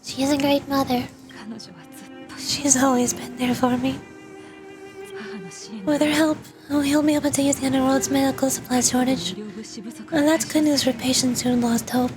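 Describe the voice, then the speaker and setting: A young woman streamer with a high voice reads game dialogue aloud, dropping in casual asides. Game music plays steadily behind her. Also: fairly even intonation, normal speed, long pauses. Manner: reads all characters' lines with casual asides. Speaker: vtuber streamer. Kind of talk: reading game dialogue aloud while playing.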